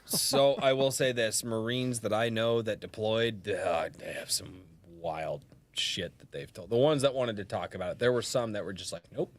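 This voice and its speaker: A man hosting a casual podcast, telling stories in an animated, profane way and acting out quotes. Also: on the low side, moderate pace, few pauses. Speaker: podcast host.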